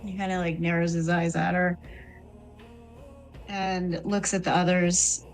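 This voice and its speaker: A woman player calmly describing her character's actions in a tabletop game. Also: lowish voice, measured pace, long pauses, faint music behind, poor audio.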